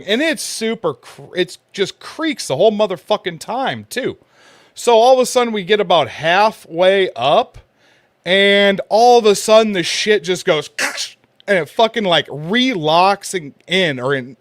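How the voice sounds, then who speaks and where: A man's voice: high-pitched, animated, unhurried, dry recording, studio quality. A man telling a long profane story in casual podcast chat, rambling and crude. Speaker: co-host.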